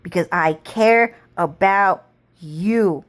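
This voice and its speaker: A woman talking straight to the camera in a rambling casual monologue, full of swearing and drawn-out phrases. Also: on the low side. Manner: rambling, heavy profanity, drawn-out.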